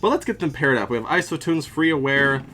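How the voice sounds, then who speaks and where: A man's voice: on the high side, expressive, brisk, bright, forceful tone, a little hiss or hum. A man giving a casual unboxing and review, talking through each step as he handles the product.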